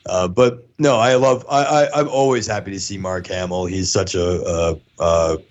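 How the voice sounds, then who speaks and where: A man co-hosting a podcast in casual chat, jokey and quick to riff. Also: low-pitched, lo-fi sound. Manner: jokey, puts on silly voices. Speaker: podcast co-host.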